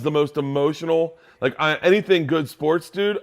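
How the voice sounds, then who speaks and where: A man co-hosting a podcast, telling stories loudly and swearing, getting emotional about sports. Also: a little high, normal speed, hardly any pauses. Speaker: podcast co-host. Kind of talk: casual chat.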